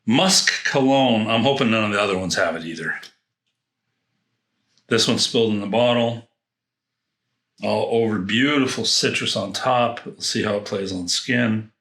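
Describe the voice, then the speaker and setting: A man with a lowish yet bright, forceful voice reviews fragrances in a loose, rambling way, thinking aloud and restarting his sentences. He is recorded in a roomy space with a clear echo. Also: a little slow, pauses often. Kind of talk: casual unboxing review.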